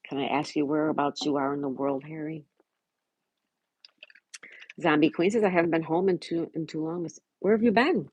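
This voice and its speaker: A woman's voice: deep voice, level tone, normal speed, long pauses, darkish tone, slightly rough, no echo, rough recording. A middle-aged woman hosting a casual live stream from home, reading viewers' comments and greeting them by name with affectionate chatter. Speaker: livestream host reading chat.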